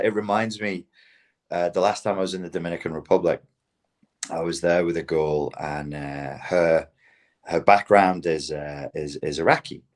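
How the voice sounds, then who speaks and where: A man with a fairly low voice talks in a loose, conversational way on a podcast. He tells stories with plenty of swearing and now and then slips into quoted voices. The tone stays casual and unhurried. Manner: storytelling with animated quoted voices. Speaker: podcast guest. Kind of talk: casual chat.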